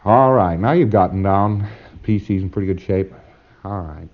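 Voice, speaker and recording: A man lectures trainees in a folksy, wry way, now and then acting out quick back-and-forth exchanges. His voice sits on the low side. The sound is dull and muffled, like an old tape recording.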